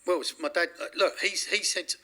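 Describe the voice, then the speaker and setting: A man's voice: high voice, a little fast, pushed and bright. A man telling his story in an interview, rambling with frequent restarts and corrections. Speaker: interview guest.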